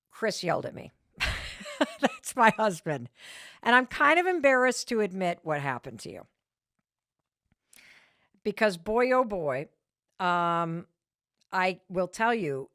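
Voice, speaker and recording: Woman podcast host, lively pitch, emphatic, self-deprecating storytelling, dry close sound. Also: no echo. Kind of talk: motivational podcast talk.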